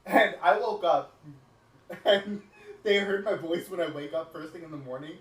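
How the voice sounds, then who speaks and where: A man co-hosting a podcast in casual chat, blunt and sarcastic, speaking in a deliberately light voice. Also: high voice, roomy sound, distant mic, poor audio. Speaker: podcast co-host.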